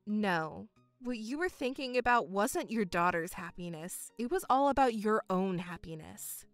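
A woman voicing a calm, cold young stepdaughter in a dramatized story, speaking in a measured, coolly firm way. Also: mid-range voice, dry recording, faint music behind, pitched below the performer's own voice.

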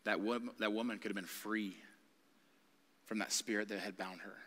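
A man's voice: lowish voice, fairly even intonation, normal speed, pushed and bright. A man preaching a sermon in a candid, conversational way. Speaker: guest preacher. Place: church sanctuary. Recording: long reverb of a church hall.

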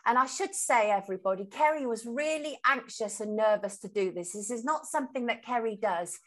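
A woman's voice: fairly high pitch, a little fast. A woman hosting a live-stream talk show, sympathetic to her guest and reading viewer comments aloud. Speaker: host.

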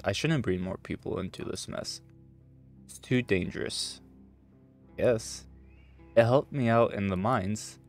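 A man's voice: fairly low pitch, vocal fry. A man with a Swedish accent giving let's play commentary, muttering to himself as he explores. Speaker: gamer.

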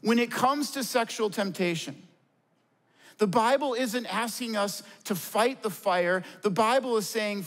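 A high-voiced pastor, his tone fairly bright and his pace a little slow, gives an earnest sermon to a congregation from the church stage. He asks questions only to answer them himself, while the big hall lets each word ring out in long reverb.

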